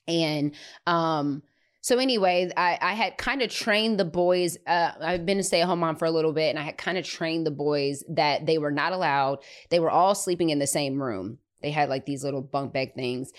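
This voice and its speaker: A woman with a low voice tells a personal story on her podcast. She is chatty and animated and fills her talk with little asides and filler words. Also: normal speed. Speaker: podcast host. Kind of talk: casual storytelling.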